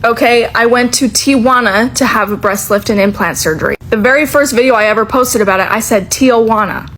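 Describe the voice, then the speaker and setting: A high-voiced woman talks straight to camera in a casual vlog rant. Her tone is exasperated and profane. She keeps breaking into sudden loud outbursts. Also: fast talker, a little hiss or hum, low-quality recording. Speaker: social media creator.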